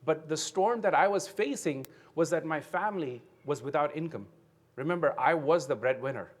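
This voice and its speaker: A man in his fifties from India giving a motivational keynote speech, telling his story earnestly and often checking in with the audience with a quick "right?". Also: fairly high pitch. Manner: earnest storytelling with frequent "right?" tag questions. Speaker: keynote speaker. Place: conference venue.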